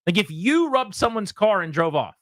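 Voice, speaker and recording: A radio host telling a story with a bright, lively voice that climbs high whenever he acts out what people said. He chats casually and plays every part himself. The sound is dry and close. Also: moderate pace, no room sound.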